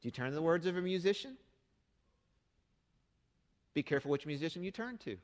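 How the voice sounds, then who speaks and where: A man's voice: on the high side, expressive, fairly quick. Middle-aged male pastor preaching in a hall. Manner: conversational preaching with rhetorical questions. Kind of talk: sermon. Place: church sanctuary.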